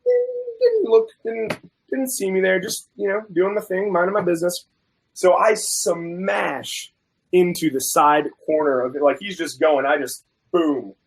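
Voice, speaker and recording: Man telling a story, high-pitched. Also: a little slow, slightly rough, low-quality recording. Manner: animated, acts out both sides of quoted dialogue. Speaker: guest food reviewer. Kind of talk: casual chat, storytelling.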